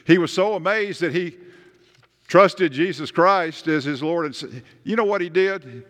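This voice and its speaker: A man's voice: a little high, measured pace, long reverb tail. A man preaching a sermon as pastor, telling stories and driving points home with emphatic rises. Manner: animated, with emphatic rises and storytelling asides.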